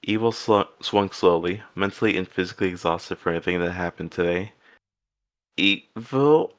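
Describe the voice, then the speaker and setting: A man reading fan fiction aloud in a steady voice, sometimes stumbling and restarting words. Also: deep voice, quick pace. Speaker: fanfic reader.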